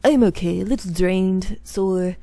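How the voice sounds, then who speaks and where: A woman voicing a composed young samurai man, speaking in a measured, solemn way while reading game dialogue aloud. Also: mid-range voice, no room sound, close to an everyday voice. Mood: calm. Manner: measured, solemn, quiet delivery.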